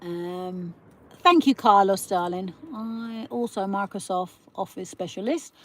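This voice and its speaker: A woman's voice: mid-range voice, unhurried. A British woman hosting a casual live stream, chatting and ranting as she answers viewer comments. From Britain. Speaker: livestream host.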